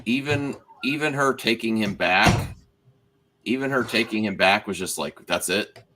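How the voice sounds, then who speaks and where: A man with a slightly low but bright, forward voice chats casually about a TV finale. He is animated and often restarts his sentences. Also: unhurried, slight background noise. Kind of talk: casual spoiler chat.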